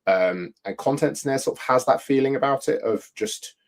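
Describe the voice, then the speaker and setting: A man's voice: medium pitch, moderate pace. A man co-hosting a podcast, musing in a rambling way full of fillers and "like". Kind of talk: casual video-call chat.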